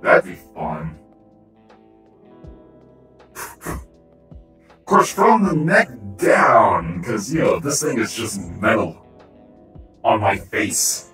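A man roleplaying in a game voice chat, jumpy and prone to startled shouts. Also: on the low side, big pitch swings, extremely slow, long pauses, reverberant, recorded from a distance, soft background music.

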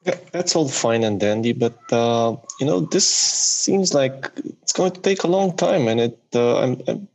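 A man's voice: medium pitch, expressive, a little slow, gravelly, a little mellow, low-quality recording. A man in a conversation voicing skeptical, practical doubts, hesitant and full of fillers. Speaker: panel speaker.

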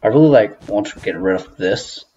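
A man's voice: lowish voice, lively intonation, normal speed, mellow, lo-fi sound. A man streaming a building game with a friend, chatting casually, joking and laughing often. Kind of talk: casual chat while gaming.

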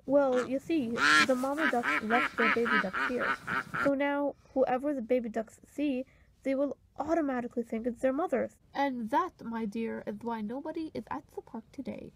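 Young woman doing a goofy high whale guy. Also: normal speed, creaky, a bit bright. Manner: chatty, giggly, lecturing. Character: goofy know-it-all male whale.

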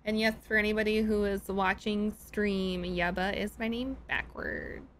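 A woman's voice: medium pitch, fairly even intonation, measured pace, fairly bright tone, slight background noise. A young adult woman streaming a game, joking playfully and talking to her chat. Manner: playful, jokey, talks to chat. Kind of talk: casual gameplay commentary.

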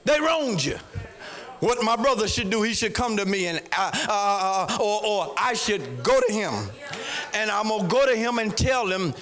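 A man pastor, preaching a sermon in a sing-song chant that climbs into shouts. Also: high voice, lively intonation, moderate pace.

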